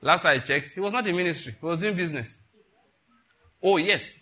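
A man's voice: a little high, lively intonation, brisk, bright, forceful tone. A man preaching a sermon in a conversational way, with rhetorical questions and laughing asides. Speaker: pastor.

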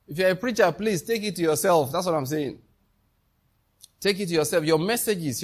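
A man, preaching a sermon as pastor, emphatic and calling out questions to the congregation. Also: a little high.

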